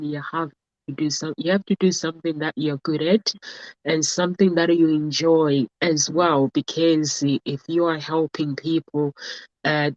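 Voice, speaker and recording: A woman's voice: low voice, no echo. A woman from Africa hosting a casual talk show, telling stories in a rambling way with many fillers. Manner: rambling, storytelling, frequent "basically" and "uh". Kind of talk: casual chat. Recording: dull lo-fi dry sound.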